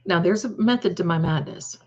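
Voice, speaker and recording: A woman's voice: fairly low pitch, a little fast, darkish tone. A woman hosting a live stream, chatting casually in a rambling, emphatic way and often correcting herself mid-sentence. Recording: dull lo-fi stream audio.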